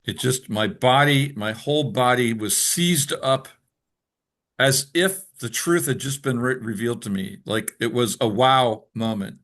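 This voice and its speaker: A man's voice: mid-range voice, unhurried, fairly bright tone. A man cohosting a podcast, explaining things thoughtfully for newcomers as he shares his own experience. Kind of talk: reflective podcast talk.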